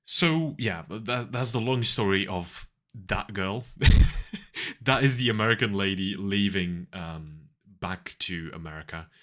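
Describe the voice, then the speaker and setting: A man's voice: sits low, a little slow, bright, forceful tone. A man streaming and chatting casually with viewers, rambling through stories and laughing often.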